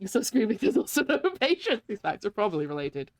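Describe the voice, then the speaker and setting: A woman's voice: medium pitch, sing-song, brisk, darkish tone, no echo. A woman streaming a game, giving casual, giggly, rambling commentary.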